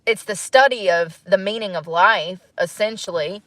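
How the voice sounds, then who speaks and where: A woman in her thirties, talking to her channel in a casual, reflective monologue, musing and animated, with frequent laughs. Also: medium pitch, normal speed, no echo. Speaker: vlogger.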